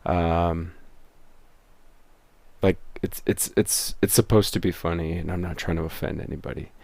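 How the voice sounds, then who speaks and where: A man with a deep, gravelly voice rambles through casual behind-the-scenes commentary on his own show. He pauses often with fillers and restarts his sentences. The sound is dry and close, with no room around it. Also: fairly even intonation, a little mellow, no room sound. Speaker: show creator and host.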